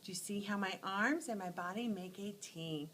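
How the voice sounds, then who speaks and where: A woman teacher telling short animal stories to teach letter sounds, acting out each sound with lively expression. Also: mid-range voice, normal speed, slight background noise, poor audio. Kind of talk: phonics lesson storytelling.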